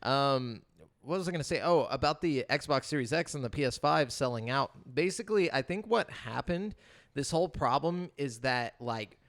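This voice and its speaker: A man's voice: medium pitch, animated, normal speed, a bit bright. A man co-hosting a gaming podcast, talking casually with lots of fillers and laughing at his own jokes. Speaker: podcast co-host. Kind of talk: casual chat.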